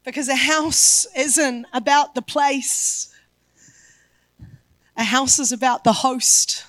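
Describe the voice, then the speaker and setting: A woman's voice: high-pitched, steady tone, takes it slowly, fairly bright tone, no echo. A woman pastor preaching a sermon, emphatic and building her points through repetition.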